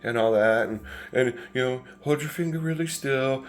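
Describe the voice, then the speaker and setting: A man doing a soft-cooing gentle nurse. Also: medium pitch, normal speed, voice pushed up, lightly acted. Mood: soothing. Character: gentle soothing young female nurse.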